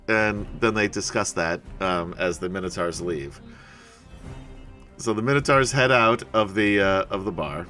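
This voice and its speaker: A man's voice: low voice, unhurried, pushed and bright, faint music behind. A man narrating as game master of a tabletop game, rambling with many fillers. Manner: rambling, laughs often.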